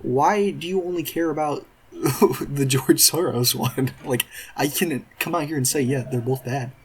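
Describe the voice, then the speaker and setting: Husky man ranting with sarcasm. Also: on the high side, unhurried. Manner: profane, sarcastic, exasperated ranting. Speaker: commentary YouTuber. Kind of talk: reaction commentary.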